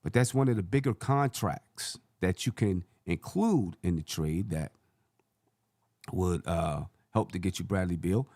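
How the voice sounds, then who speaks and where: A man's voice: deep voice, measured pace, a little mellow, dry recording, studio quality. A man hosting a sports channel, rambling through casual basketball commentary and correcting himself as he thinks aloud.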